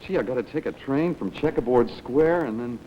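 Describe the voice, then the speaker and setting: A man's voice: medium pitch, a little fast, muffled recording, a crowd in the background. A man playing an earnest sponsor spokesman in a scripted comic commercial sketch, with mock surprise.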